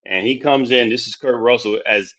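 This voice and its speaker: A man's voice: medium pitch, normal speed, fairly bright tone. Casting: male podcast host, loose and rambling, repeats himself, laughs a lot, muffled lo-fi audio. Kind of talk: casual chat. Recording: dull lo-fi sound.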